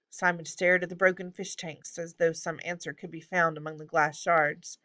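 A woman narrating a children's book aloud, steady storytelling with the odd slip. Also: fairly low pitch, normal speed. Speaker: reader.

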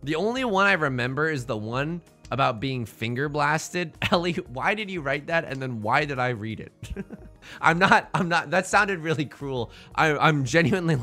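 A man's voice: on the high side, big pitch swings, normal speed, pushed and bright, soft background music. A young man chatting casually on his livestream, rambling and joking, often restarting phrases and swearing. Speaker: streamer.

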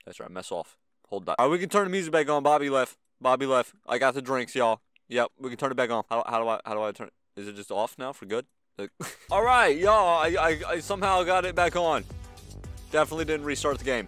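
A young man giving casual gameplay commentary as a gaming YouTuber, excitable and slangy, with sudden loud outbursts. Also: mid-range voice, quick pace, faint music behind.

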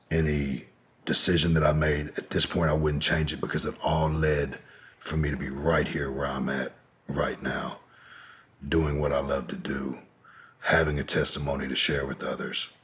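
Deep raspy dude, talking frank and swearing a lot, lots of ums, very low voice. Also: male voice, level tone, unhurried, a bit bright. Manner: candid, profane, many fillers. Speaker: guest. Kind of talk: casual storytelling.

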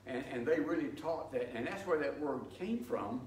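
A man's voice: fairly high pitch, fairly quick, hardly any pauses, slight background noise. An older man teaching a church Bible study in a folksy, explanatory way, telling homey anecdotes, recorded in a church sanctuary. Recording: echoey, distant, faint ambience.

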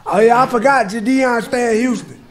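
A man's voice: very high voice, fairly even intonation, a bit bright. A young man hosting a reaction video, chatting casually in an amused, laid-back way. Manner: laid-back, amused, talks slowly with drawn-out remarks. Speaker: reaction channel host.

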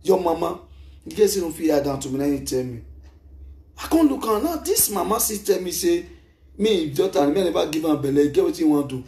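A middle-aged Nigerian man with a Nigerian accent, giving an emphatic, animated spoken testimony into a handheld microphone, mixing English and Pidgin. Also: fairly high pitch, a little fast, echoey room. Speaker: speaker giving a testimony at a gathering.

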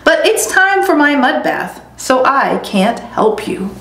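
A woman's voice: high voice, very animated, slow, fairly bright tone, pitched above the performer's own voice, exaggerated voice. A woman reading a storybook aloud and voicing a lazy male pig who brushes off a request for help. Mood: dismissive. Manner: breezy, brushing someone off. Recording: echoey room, faint noise.

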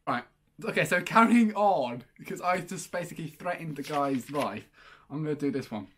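A man hosting a prank-call video, chatting casually and excitably between calls. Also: a little high, breathy edge. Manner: excitable, exclamatory, quick to laugh. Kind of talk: casual vlog chat.

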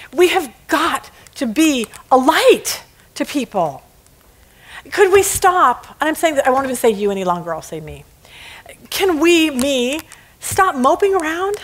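A woman teaching a casual Bible study lesson, animated, often laughing and acting out little scenes. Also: high voice, poor audio.

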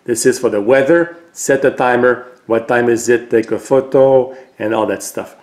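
Relaxed man demoing a gadget, roomy echo. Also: mid-range voice, moderate pace. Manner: relaxed, explanatory, with hesitant fillers. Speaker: tech vlogger. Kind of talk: casual product demonstration.

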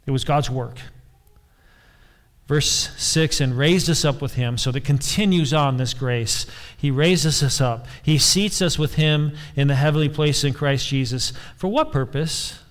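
Male pastor, sermon, emphatic, fairly high-pitched, repeats himself for stress, asks questions. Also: unhurried.

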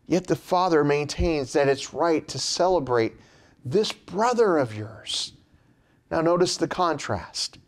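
A man preaching a sermon in a slow, measured way, his pitch dropping at the end of phrases. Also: animated.

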